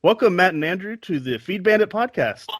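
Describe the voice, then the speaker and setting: A man hosting a podcast, friendly and quick to laugh, with folksy greetings. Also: high-pitched, expressive, dry recording. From Texas. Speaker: podcast host. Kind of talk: casual chat and host reads.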